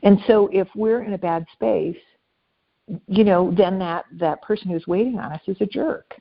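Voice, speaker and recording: Woman, earnest storyteller, gravelly, breathy edge. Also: medium pitch, moderate pace, muffled recording. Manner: earnest, anecdotal, speaks softly at emotional moments. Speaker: podcast guest. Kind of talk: conversational storytelling.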